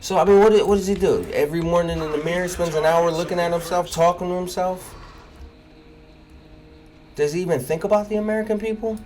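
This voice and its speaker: A man's voice: sits high, fairly even intonation, fairly quick, darkish tone, soft background music. A man chatting casually and with opinions over a video game, rambling and laughing at what happens on screen. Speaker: gaming video host. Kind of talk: casual gameplay commentary.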